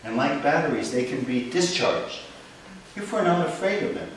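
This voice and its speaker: Guy telling a story live, lively up and down voice, big echoey hall, mic far off. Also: a little high. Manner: animated, dramatic pauses. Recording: echoey hall, distant mic, faint noise.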